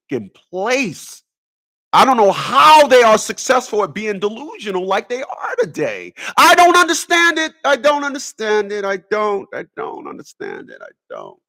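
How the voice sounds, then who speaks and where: Animated, high-voiced man ranting. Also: measured pace, gravelly. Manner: stammers and repeats words, laughs at own jokes. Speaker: vlogger. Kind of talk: rambling comedic rant.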